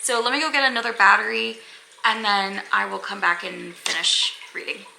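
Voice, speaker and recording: A woman's voice: mid-range voice, steady tone, normal speed, creaky. A young woman chatting casually to her camera in a reading vlog, rambling with lots of "like"s and little laughs. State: teary, crying. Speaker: book vlogger. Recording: echoey room, faint background noise.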